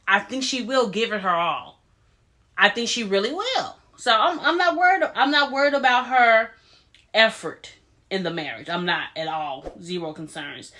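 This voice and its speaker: Woman recap host, bright, chatty, opinionated and animated. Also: mid-range voice. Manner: animated, opinionated, retells scenes in quoted voices. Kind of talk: casual recap commentary.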